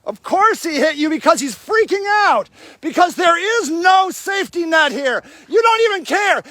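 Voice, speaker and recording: A man livestreaming from an outdoor camp in the snow, shouting angry and sarcastic reproaches at people in front of him while filming on his phone. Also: very high voice, animated, measured pace, dry recording. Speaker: activist filming a camp sweep. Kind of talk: livestreamed street confrontation.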